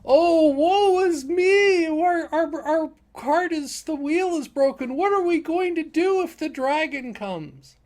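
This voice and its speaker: A man's voice: very high-pitched, slow pace, few pauses, darkish tone, pitched above the performer's own voice. A man voicing adventurers who fake panic as stranded travelers, wailing melodramatically in a raised voice. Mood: mock despair.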